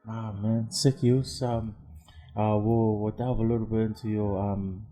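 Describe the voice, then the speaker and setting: A man with a New Zealand accent hosting a relaxed, casual chat with plenty of fillers. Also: fairly low pitch, measured pace, crowd noise. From South Auckland, New Zealand. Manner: easygoing, relaxed, lots of fillers. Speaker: podcast host.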